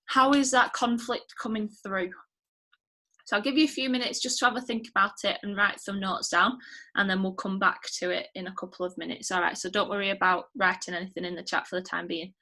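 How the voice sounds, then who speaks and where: A young woman teacher from England leads an online English lesson. She talks in a chatty, encouraging and informal way, with a bright, clear voice. The sound comes over a video call. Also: mid-range voice, steady tone, a little fast.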